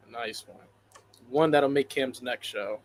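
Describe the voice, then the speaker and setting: A man's voice: mid-range voice, unhurried, slight background noise. A man co-hosting a wrestling podcast in casual chat, emphatic and theatrical, swearing freely. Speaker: podcast co-host.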